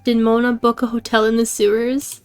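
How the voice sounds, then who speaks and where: A woman's voice: fairly high pitch, level tone, normal speed, soft background music. A woman streaming a game, chatting casually and jokingly with her viewers, often laughing. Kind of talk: casual gameplay chat with chat.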